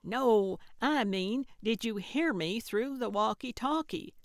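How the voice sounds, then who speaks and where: A cantankerous old lady sleuth from a cozy mystery audiobook, as the woman narrator puts her on. She talks in a lifted, slightly gravelly voice, blunt and indignant, and hollers more than she needs to. The recording is dry and close. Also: fairly high pitch, animated, takes it slowly, no room sound, pitched above the performer's own voice. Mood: brash. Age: older. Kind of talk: audiobook character voice.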